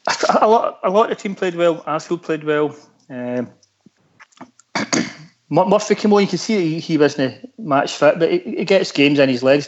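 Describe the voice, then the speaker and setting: Hesitant Scottish fan co-host. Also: male voice, on the high side, muffled recording. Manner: hesitant, stumbling restarts. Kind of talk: casual radio chat.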